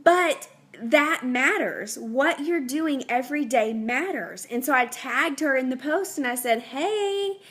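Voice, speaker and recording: A woman's voice: high voice, measured pace, a bit bright, slightly rough. A woman, talking to viewers as a health coach in an earnest, rambling, faith-driven way, full of fillers and restarts. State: pregnant. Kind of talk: casual unscripted talk to viewers.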